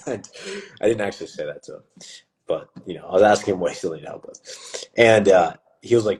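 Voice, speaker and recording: A man's voice: sits low, normal speed. A young man in his twenties, a fitness coach hosting a casual live stream, telling a story and acting out the voices of the people in it. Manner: animated, acts out quotes with a rising voice.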